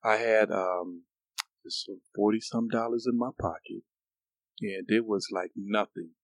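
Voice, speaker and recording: A middle-aged man from Ohio telling stories in a casual interview, often jumping into high voices for the people he quotes. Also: fairly even intonation, a little slow, no room sound, rough recording. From Cleveland, Ohio. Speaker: guest.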